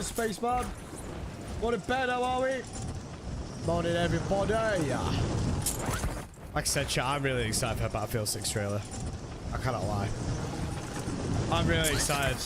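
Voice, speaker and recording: A British man streaming casually, chatty and greeting viewers by name, his voice slightly hoarse. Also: sits high, very noisy. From United Kingdom. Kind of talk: casual livestream chat. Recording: game sounds in background.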